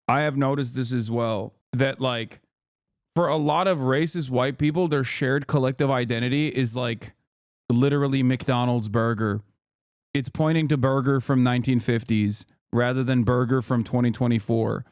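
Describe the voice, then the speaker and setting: A man hosting a livestream, giving heated commentary in a fast, profane rant. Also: medium pitch, dry recording, clean studio sound. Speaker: streamer host.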